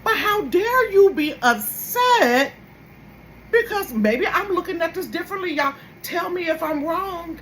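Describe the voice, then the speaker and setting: A woman's voice: fairly high pitch, slight background noise, rough recording. A woman, hosting a casual gossip commentary and talking straight to her viewers with sudden exclaimed bursts. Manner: animated, addresses viewers directly. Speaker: host.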